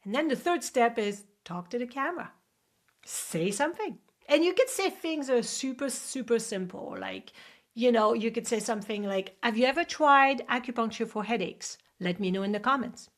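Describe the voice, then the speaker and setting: A woman with a French accent hosting a show and coaching guests, energetic and often checking in with "right?". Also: on the high side, moderate pace. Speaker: host and acupuncture coach. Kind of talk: coaching advice in a video call show.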